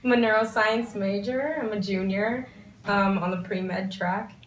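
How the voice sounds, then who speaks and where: A woman's voice: medium pitch, fairly even intonation, a little slow, background noise. A woman in her twenties, a pre-med student, answering interview questions frankly and directly. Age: 20s. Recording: echoey room.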